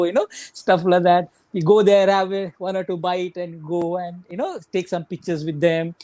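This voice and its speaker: A man's voice: sits high, fairly even intonation, moderate pace, few pauses, mellow, dry recording. A middle-aged Indian man with an Indian English accent, a guest runner telling his story in a casual interview, full of "you know" and "like".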